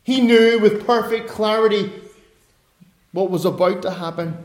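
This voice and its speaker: A high-voiced man preaches slowly, leaning on repeated phrases and dropping into quiet asides. His sermon rings through a roomy, echoing church hall. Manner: emphatic, rhetorical repetition, drops to soft low asides.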